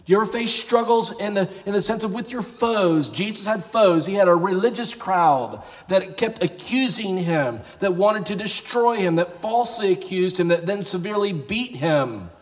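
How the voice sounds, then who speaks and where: A man's voice: high-pitched, animated, normal speed, few pauses, big-room sound. A pastor giving a conversational sermon, sometimes acting out the people he quotes, in a church sanctuary. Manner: conversational preaching, acts out quoted voices.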